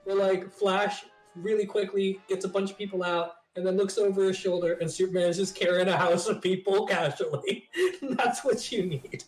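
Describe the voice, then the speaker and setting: Brief: excitable podcast co-host, man, slightly high voice, echoey room. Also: normal speed, soft background music. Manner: excitable, swearing, laughs often. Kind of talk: casual chat.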